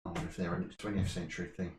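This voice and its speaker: A man's voice: deep voice, flat delivery, racing, darkish tone. A man co-hosting a history quiz podcast, with dry, teasing banter. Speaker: podcast co-host. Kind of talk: casual podcast chat. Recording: echoey room, faint noise.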